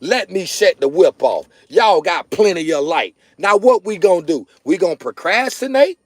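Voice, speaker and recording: A high-pitched man rants at his viewers in a repetitive, emphatic, preaching cadence. He talks into a phone camera while sitting in and stepping out of his car. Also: very animated, moderate pace, no echo. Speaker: political vlogger. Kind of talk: preachy political rant to viewers. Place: in a car, then stepping outside.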